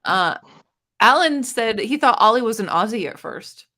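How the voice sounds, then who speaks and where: A woman hosting a casual book livestream, reading viewer comments aloud with quick, bubbly reactions. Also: fairly high pitch, expressive, sharp tone. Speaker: book channel host.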